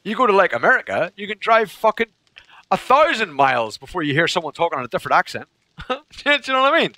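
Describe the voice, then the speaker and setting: A man's voice: high voice, sing-song, fast, sharp tone, no echo. A man from Northern Ireland with a Northern Irish accent, chatting casually on a game stream, telling stories animatedly, laughing often and repeating phrases for effect. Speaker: live streamer.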